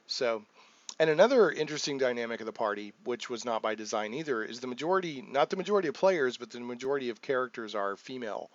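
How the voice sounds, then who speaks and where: A man with a mid-range voice, a game master and channel host, talks fairly quickly and loosely about running his tabletop sessions. He rambles, restarts often, uses lots of fillers, and acts out his players' lines. The recording is dry and dull, muffled, with no room sound.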